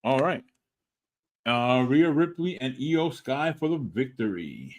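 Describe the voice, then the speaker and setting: A man's voice: medium pitch, sing-song, takes it slowly. A man runs a casual predictions chat, calling on others for their picks. His tone is dry and a bit mock-defensive when teased. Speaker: podcast co-host running the picks.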